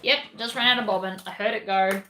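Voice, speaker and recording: A woman's voice: medium pitch, fairly even intonation, quick pace, background noise. Chatty Australian woman in an echoey room. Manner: chatty, blunt, reads and answers viewer comments. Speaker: sewing livestream host. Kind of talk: casual chat while sewing.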